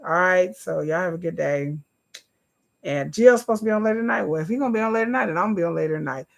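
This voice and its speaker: A woman's voice: fairly low pitch, expressive, rapid-fire, vocal fry. A woman, chatting casually to her livestream viewers and calling them y'all. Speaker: livestream host.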